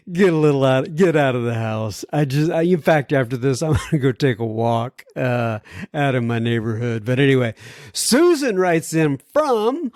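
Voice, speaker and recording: A man's voice: mid-range voice, very animated, unhurried, darkish tone, no echo, clean studio sound. An American man hosting a podcast, reading listener letters in a casual, rambling way that keeps drifting into apologetic tangents. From United States. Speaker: podcast host.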